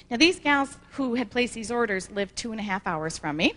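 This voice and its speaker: A woman giving a motivational talk at a sales conference, telling folksy stories and clearing her throat often. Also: on the high side, expressive, normal speed, a bit bright. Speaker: sales manager presenting at a conference. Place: conference hall.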